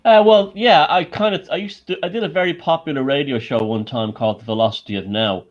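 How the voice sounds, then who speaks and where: A man's voice: on the high side, quick pace, muffled recording. A man joining a live chat as the guest, stammering and restarting as he talks over a video call. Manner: stammering restarts, laughs while talking. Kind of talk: casual interview.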